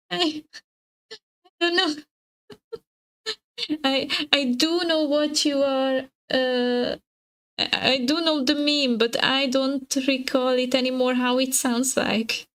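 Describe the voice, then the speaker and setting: Young woman streamer, native Hungarian speaker, slightly husky, giggly and unhurried, fairly high voice, lots of fillers. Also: level tone, fairly bright tone, rough recording. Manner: giggly, hesitant, many fillers and restarts. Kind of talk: casual live-stream chat.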